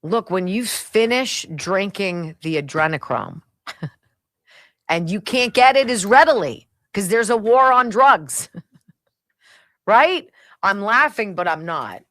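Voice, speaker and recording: Sarcastic and opinionated, this middle-aged woman runs a talk radio monologue and reads an ad herself, laughing a lot as she veers between excited highs and mumbled lows. She takes her time, and the recording is dry and studio quality.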